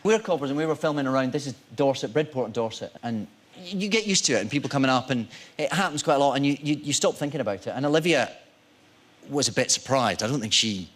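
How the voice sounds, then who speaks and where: Animated Scottish man telling a story. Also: mid-range voice, fast talker. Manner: animated storyteller, acts out voices in quotes. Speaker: guest actor. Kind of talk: chat show anecdote. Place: TV studio with audience.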